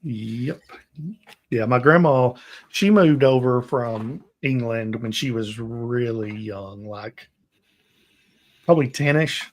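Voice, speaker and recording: A man's voice: medium pitch, takes it slowly, long pauses. Laid-back Southern man hosting. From Tennessee, USA. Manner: rambling, laughs often, drawling. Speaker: livestream host. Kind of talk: casual interview chat.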